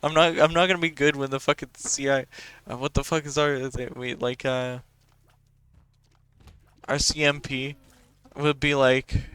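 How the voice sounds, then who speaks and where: Excitable young man, smooth voice. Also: mid-range voice, moderate pace. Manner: excitable, profane, rambling. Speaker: podcast host. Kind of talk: casual rambling chat.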